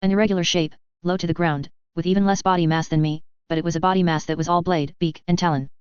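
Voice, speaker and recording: A woman narrating a novel in the first person, with steady, tense storytelling. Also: fairly low pitch, fast, clean tone, no room sound. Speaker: audiobook narrator. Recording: slightly dull, dry close recording.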